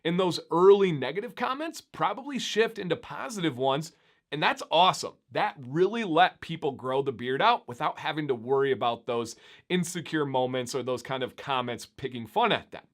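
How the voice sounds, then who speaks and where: A man chatting upbeat and animated to his viewers in a casual vlog. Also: fairly high pitch, moderate pace. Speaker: beard YouTuber. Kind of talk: casual vlog talk to camera.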